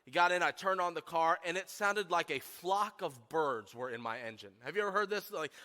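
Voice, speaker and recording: A man preaching a sermon, telling self-deprecating funny stories about himself to a church congregation in an animated way. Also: on the high side, brisk. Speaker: pastor. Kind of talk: humorous sermon storytelling. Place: church sanctuary. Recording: long church hall reverb.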